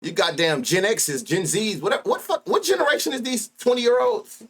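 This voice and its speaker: A man's voice: high voice, lively intonation, moderate pace, a bit bright, breathy edge. Betting-stream host, man in his thirties, African American Vernacular English accent, loose and crude, laughs easily. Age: 30s. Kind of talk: casual profane live-stream banter.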